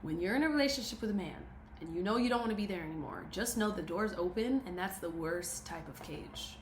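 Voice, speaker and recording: A woman's voice: lowish voice, animated, brisk, slight background noise. A woman giving an emphatic, preachy motivational talk to camera, repeating her key phrases. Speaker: motivational speaker. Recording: roomy echo, faint ambience.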